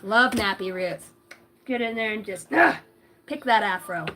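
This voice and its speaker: A woman's voice: medium pitch, expressive, unhurried, sharp tone. A woman doing a casual livestream tarot reading, giggly and rambling, cussing freely. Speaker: tarot reader.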